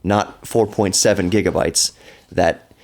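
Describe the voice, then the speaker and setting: A man's voice: sits low, steady tone, unhurried, darkish tone. A man in his thirties hosting a podcast, talking casually in a rambling, nostalgic way and often correcting himself. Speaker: podcast host. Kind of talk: casual solo podcast talk.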